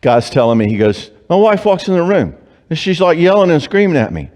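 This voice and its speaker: A man speaks as a Christian psychologist at a marriage conference. He is animated and joking, often slipping into quick voices for clients and spouses. His voice rings with the long reverb of a church hall. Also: fairly high pitch. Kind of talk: conference talk.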